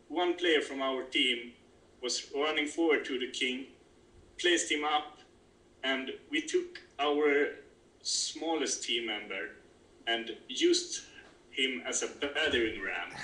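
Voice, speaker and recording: A Swedish-accented man talks slowly and haltingly over a call, stopping often to restart his sentences. His voice is bright and forceful. The audio sounds roomy, with faint noise behind him. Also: mid-range voice. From Sweden. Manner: halting, many fillers and restarts. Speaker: interview guest, kubb player. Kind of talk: casual interview over a call. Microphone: video call.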